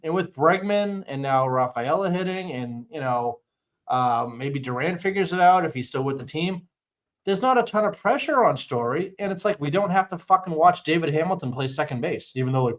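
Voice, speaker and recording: Speaking briskly in a fairly high voice, a man co-hosting an informal sports podcast tells stories full of ranting and profanity, keeping the storytelling animated.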